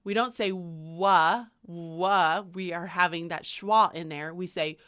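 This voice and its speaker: A woman's voice: on the low side, normal speed, sharp tone. A young adult woman teaching phonics to camera, speaking carefully and sounding out letters as she demonstrates. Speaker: literacy teacher.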